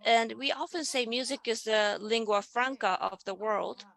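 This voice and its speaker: Speaking at a normal pace, this woman has a fairly high voice with vocal fry and a slightly bright tone. On a video call panel, she presents online, walking listeners through ideas step by step and guiding them in simple exercises.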